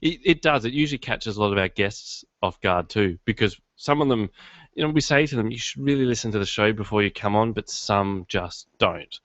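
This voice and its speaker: Man, podcast host, low voice, rambling jokey chat, dry dull lo-fi sound. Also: animated, brisk, a bit bright, dry recording. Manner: rambling, self-deprecating humour. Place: home studio in his garage.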